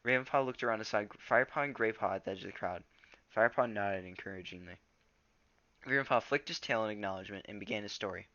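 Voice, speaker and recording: A man's voice: lowish voice, fast talker, sharp tone, no room sound, dull audio. A man reading a storybook aloud in a casual way, stumbling over words now and then. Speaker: reader.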